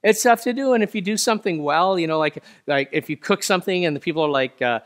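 Pastor, man, slightly higher voice, delivers a chatty, self-deprecating sermon. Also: a bit bright. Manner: conversational, self-deprecating, acts out little dialogues; slow, solemn scripture reading.

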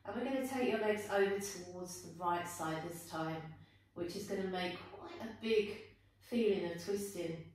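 A woman yoga teacher calmly talking students through a guided flow, with gentle encouraging cues. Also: mid-range voice, moderate pace. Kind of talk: guided yoga class instruction. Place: indoor room, teacher on her mat. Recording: echoey room, voice from a distance, faint background noise.

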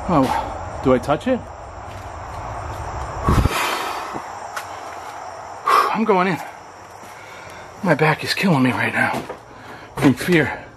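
A man's voice: on the high side, very animated, a little slow, pauses often, heavy background noise. Scared man whispering and swearing at night. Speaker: paranormal vlogger. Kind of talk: nervous ghost-hunting vlog narration. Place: abandoned trailer at night, in and out of doors. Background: crickets and insects at night.

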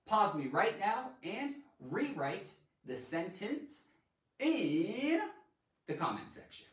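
A man hosting a live online grammar lesson in a playful, animated way, tossing in silly sound effects. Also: sits high, unhurried. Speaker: grammar teacher and show host. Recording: roomy echo, mic at a distance.

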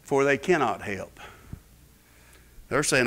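A male pastor, preaching a fervent sermon that swings between loud peaks and low asides. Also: animated, measured pace.

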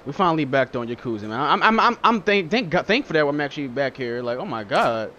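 A man hosting a let's-play gaming video, ranting in an excitable, profane way, speaking close to the mic. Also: on the high side, fast talker, lo-fi sound, slight background noise. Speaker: gaming channel host.

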